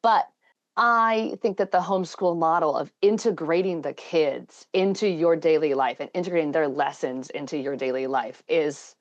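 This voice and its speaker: Low-voiced woman on a dull, lo-fi line. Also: moderate pace. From Scotland. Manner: earnest, thoughtful, wandering sentences. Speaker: podcast guest, engineer and math educator. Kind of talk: casual interview chat. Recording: dull lo-fi sound.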